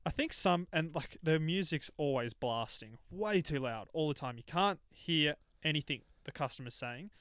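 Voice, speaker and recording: Smooth-voiced man chatting. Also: fairly high pitch, normal speed, few pauses, no room sound. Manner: animated storytelling. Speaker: podcast co-host. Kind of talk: casual chat.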